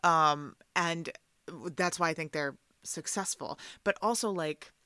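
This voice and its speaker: Female guest, actor; bright, lowish voice, dry close sound; emphatic opinions. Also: a little slow, smooth, no room sound. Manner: opinionated, emphatic, self-interrupting. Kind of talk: casual chat.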